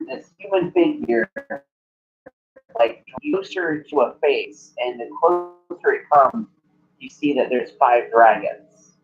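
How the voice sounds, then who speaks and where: A man narrating as game master in a halting way, filling gaps with "like". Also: medium pitch. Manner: halting, many "like" fillers. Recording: muffled lo-fi recording.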